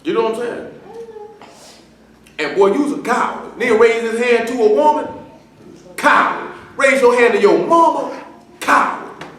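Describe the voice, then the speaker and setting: A man's voice: very high-pitched, normal speed, pauses often, fairly bright tone. A man preaching and scolding a young man in front of the congregation, talking in a stern, slangy, conversational way. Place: church assembly room. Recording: far from the mic in an echoey hall with faint noise.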